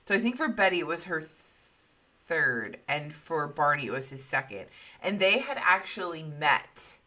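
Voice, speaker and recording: A woman's voice: deep voice, very animated, moderate pace, bright, forceful tone. A woman in her thirties hosting a podcast, telling a story in a chatty way with profane asides. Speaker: podcast host. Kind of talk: casual storytelling.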